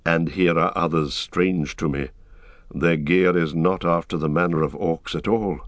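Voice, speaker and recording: A man voicing Aragorn, a weary male ranger captain, in an audiobook, speaking gravely and with measured weariness. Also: sits low, fairly even intonation, dry recording.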